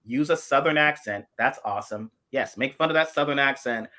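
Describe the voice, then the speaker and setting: A man's voice: mid-range voice, fairly quick, pushed and bright. A man in his forties from South Carolina, co-hosting a casual political chat in an emphatic, impassioned way, often restarting his sentences. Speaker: podcast co-host.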